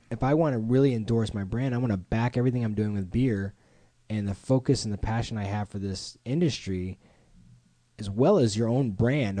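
A man hosting a casual podcast chat in a home studio, animated and playful, acting out quoted voices. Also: lowish voice, dry recording. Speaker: podcast host.

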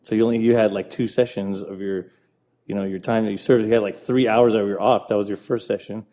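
A man with a lowish, mellow voice chats eagerly about beer. He talks in quick bursts and trails off, in a relaxed podcast conversation. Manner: enthusiastic, chatty, laughs easily. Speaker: podcast host. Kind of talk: casual beer chat.

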